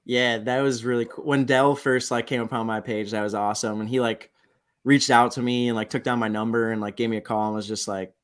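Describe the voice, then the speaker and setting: A man's voice: on the low side, little pitch movement, brisk, clear, resonant tone. A man in his twenties, a podcast guest, chatting casually with lots of "like" fillers. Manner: laid-back, peppered with "like". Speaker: podcast guest, sports superfan. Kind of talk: casual interview chat.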